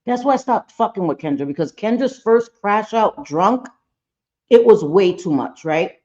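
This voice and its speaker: A woman's voice: medium pitch, expressive, normal speed, warm tone, muffled recording. A woman hosting a live reaction stream, casual and blunt, swearing freely and repeating her points for emphasis. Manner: blunt, profane, emphatic repetition. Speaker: reaction channel host. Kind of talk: casual commentary on a played clip.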